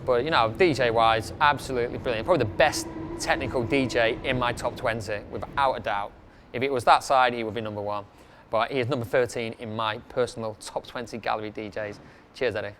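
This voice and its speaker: A man's voice: mid-range voice, fairly even intonation, fast talker, noisy background. A middle-aged man, chatting casually through a countdown, rambling with fillers. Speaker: club night promoter.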